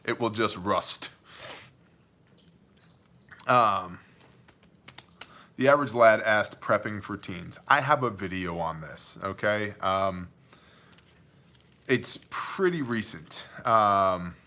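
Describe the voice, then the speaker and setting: A man with a bright, forceful voice hosts a casual livestream Q&A. He jokes around and keeps things chummy, calling viewers "brother" and "man". His talk is loose, with plenty of restarts. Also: on the low side, animated, takes it slowly, long pauses. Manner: joking, chummy, addresses chatters as man and brother. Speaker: livestream host answering viewer questions. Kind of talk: casual live Q&A chat.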